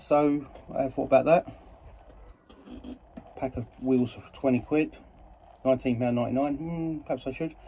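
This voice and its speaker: A man's voice: medium pitch, dark tone, slight background noise. A man telling a rambling, chatty story about his week and his model railway, often correcting himself mid-sentence. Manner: chatty, meandering, self-correcting. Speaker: model railway hobbyist vlogger.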